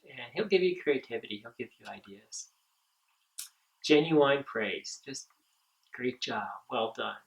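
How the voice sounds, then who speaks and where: A man giving a training talk to camp counselors, earnest and halting, with frequent ums and restarts. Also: medium pitch, expressive, gravelly, recorded from a distance, muffled recording. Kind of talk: instructional talk.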